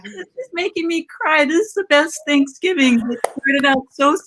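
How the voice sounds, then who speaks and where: A woman's voice: high voice, lively intonation, normal speed, fairly bright tone. A woman who writes letters for the show and also acts, chatting over a video call in a gushing, emotional, rambling way. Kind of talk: casual chat on a video call.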